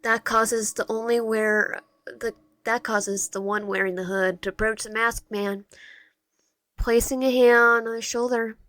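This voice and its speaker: A woman's voice: a little high, steady tone, measured pace, a bit bright, dry recording. A woman reading a visual-novel dating sim aloud as she plays, often stumbling and restarting words. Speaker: game narrator and player.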